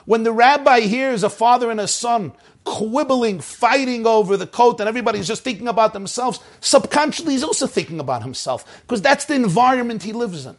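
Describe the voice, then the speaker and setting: Preacher-storyteller, male, higher register, animated delivery. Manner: animated, acts out shouting voices. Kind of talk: sermon storytelling.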